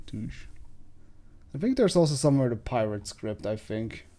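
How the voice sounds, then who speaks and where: A man hosts a let's play in a loose, rambling chat and pokes fun at himself along the way. His voice is mellow and darker in tone, and a little throaty. His pitch sits in the ordinary middle range. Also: sing-song, moderate pace. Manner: chatty, rambling, self-deprecating. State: slightly throaty. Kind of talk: casual gameplay commentary.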